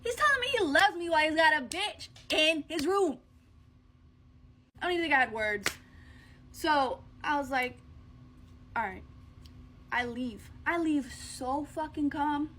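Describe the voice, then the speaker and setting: High-voiced woman telling a story. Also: moderate pace, slight background noise. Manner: profane, animated and blunt. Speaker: vlogger. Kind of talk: casual storytelling.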